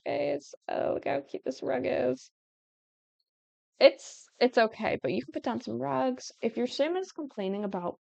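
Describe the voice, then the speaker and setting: A woman's voice: fairly high pitch, gravelly, darkish tone, no echo, lo-fi sound. A young woman giving casual, chatty gameplay commentary while she builds, often breaking off mid-thought and giggling. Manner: chatty and self-interrupting, with giggles. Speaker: Sims building tutorial creator.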